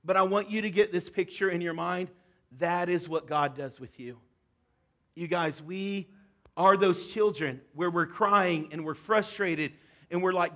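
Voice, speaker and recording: A middle-aged male pastor preaching a sermon to his congregation, earnest, dropping to soft hushed tones and rising to loud emphatic peaks. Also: high-pitched, moderate pace. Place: church stage before a congregation.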